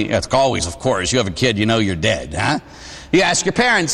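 A man's voice: fairly low pitch, wildly swooping pitch, normal speed, a bit bright, husky. A Catholic priest in his forties from Pittsburgh gives a conversational sermon full of stories, often tossing a "huh?" to the congregation. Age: 40s. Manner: conversational storytelling, frequent "huh?" asides. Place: church. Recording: long reverb of a church.

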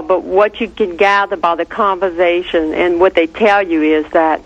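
Caller from louisiana, slow hesitant question, dull muffled phone sound. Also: medium pitch. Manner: hesitant, many uh fillers.

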